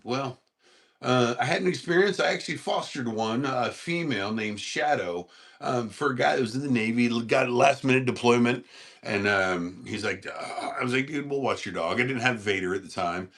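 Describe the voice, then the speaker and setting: A man hosting a casual livestream, rambling and laughing as he answers chat and talks to his dog in a high sing-song voice. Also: moderate pace, fairly bright tone.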